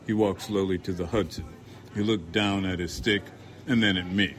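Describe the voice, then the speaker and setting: A man reading a novel aloud in a measured, dry first-person narration. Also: sits low, steady tone. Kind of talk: audiobook narration.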